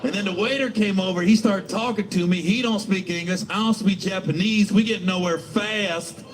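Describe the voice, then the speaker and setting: Profane, high-voiced male stand-up comedian. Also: steady tone, normal speed, a little hiss or hum, rough recording. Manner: profane, rambling storytelling with repeated restarts.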